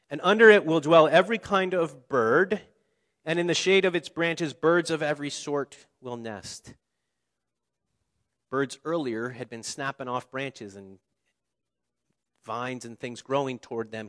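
A man preaching a sermon, repeating key phrases slowly and letting his voice fall quiet at the ends of lines. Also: a little high. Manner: preaching with slow emphatic repetitions and dramatic drops in volume. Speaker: pastor. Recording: long reverb of a large hall.

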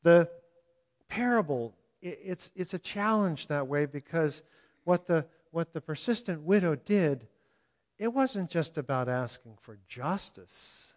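An older man preaching a sermon in a conversational way, chuckling often and animated as he speaks. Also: fairly high pitch, a little slow. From California. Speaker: pastor.

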